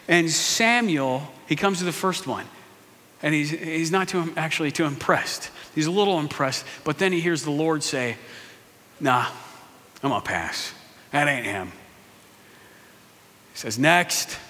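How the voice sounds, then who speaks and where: A man with a high, bright voice preaches a sermon in a big hall that rings with long reverb. He retells the story in an animated, joking way and slips into playful voices for its characters. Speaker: pastor.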